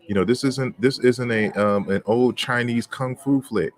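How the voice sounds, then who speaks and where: A man with a very low voice hosts an open discussion. He speaks bluntly and with emphasis, often doubling up words as he starts a thought. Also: unhurried. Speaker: host.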